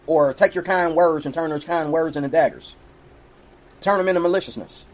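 A man's voice: on the high side, a little fast, poor audio. A man in a played clip preaching insistently, repeating questions and talking about the Lord. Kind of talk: preachy monologue.

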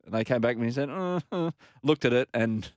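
A man's voice: mid-range voice, steady tone, rapid-fire, darkish tone, no echo, studio quality. A man hosting a casual sports radio show, bantering with a chatty, joking manner.

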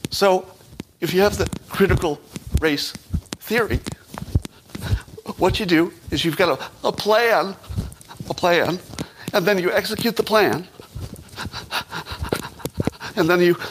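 A man's voice: sits high, a little slow, pauses often, noisy background, pitched above the performer's own voice. A man doing a mocking impression of a babbling, overly confident female politician in a repetitive singsong.

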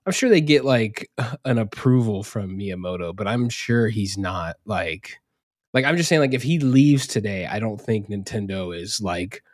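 A man's voice: on the low side, animated, moderate pace, no room sound, clean studio sound. A man co-hosting a gaming podcast, rambling and swearing casually, laughing often between thoughts. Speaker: podcast co-host. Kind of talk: casual chat.

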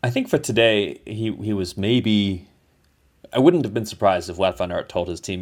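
Deep-voiced man analyzing a race. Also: normal speed, a little mellow. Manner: thoughtful, hedging, many restarts. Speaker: podcast host. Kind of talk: casual cycling race analysis. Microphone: remote call.

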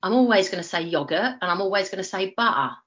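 A woman's voice: mid-range voice, very fast, fairly bright tone. A woman in her forties with a Cockney accent, chatting as an interview guest and telling her story with lots of fillers and restarts. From East London, England. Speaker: interview guest, retired Olympic runner. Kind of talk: casual chat. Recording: dull lo-fi sound.

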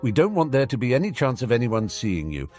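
A man's voice: mid-range voice, very animated, brisk, darkish tone, soft background music, pitched above the performer's own voice, natural voice. A man voicing a sarcastic, cheeky teenage boy wizard in a storybook reading, teasing and mock-dramatic. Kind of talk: audiobook character reading.

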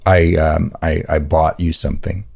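A man co-hosting a podcast with a very low, gravelly voice full of creak. He jokes wryly and often stumbles and restarts his sentences. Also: level tone, normal speed, a little mellow. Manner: joking, hesitant, wry. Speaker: podcast co-host. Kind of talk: casual chat.

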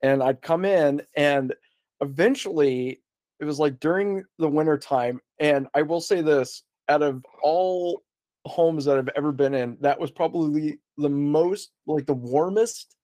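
A man's voice: a little high, measured pace, dark tone, no echo. A man telling a story as a podcast guest in a rambling, casual way, swearing freely and laughing along.

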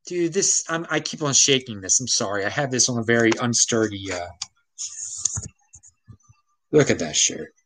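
A man's voice: medium pitch, fairly quick, hardly any pauses, fairly bright tone, slight background noise, poor audio. A man hosting his own show, delivering a casual, exasperated opinion monologue full of restarts, from the Baltimore area. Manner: ranting, exasperated, frequent restarts. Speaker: show host.

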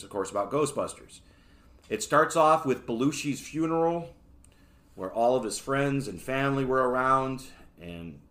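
Casual male podcast host, mid-pitched. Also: a bit bright. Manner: casual, rambling, joking asides. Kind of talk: solo podcast book review.

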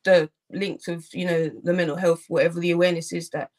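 A woman's voice: on the low side, level tone, quick pace, darkish tone. A young woman, a poet and artist, chatting and joking as a guest on a video call, with lots of fillers. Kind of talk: casual interview over video call.

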